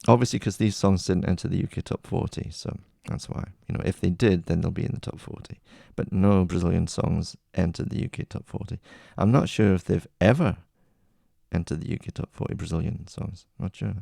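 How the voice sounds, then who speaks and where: A man hosting a music playlist video, chatting casually through a track-by-track rundown with relaxed, enthusiastic asides. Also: low voice, a little fast, gravelly, dry recording, clean studio sound.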